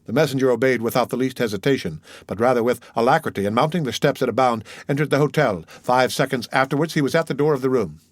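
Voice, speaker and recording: A man narrating an audiobook of a classic novel in a steady reading voice. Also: mid-range voice, quick pace, hardly any pauses, dry recording, studio quality. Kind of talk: scripted narration.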